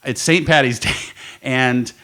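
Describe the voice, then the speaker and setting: A man's voice: medium pitch, unhurried, bright, forceful tone. A man co-hosting a podcast in a studio, telling a long story in casual chat, swearing and laughing as he goes. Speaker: podcast co-host. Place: recording studio.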